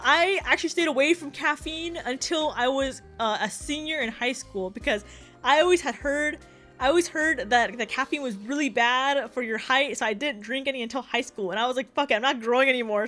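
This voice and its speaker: A young woman chats fast on her stream, stumbling over her words and giggling as she rambles. Her voice sits a little high, with faint music playing behind her. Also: a bit bright. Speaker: VTuber streamer. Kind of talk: casual chat stream.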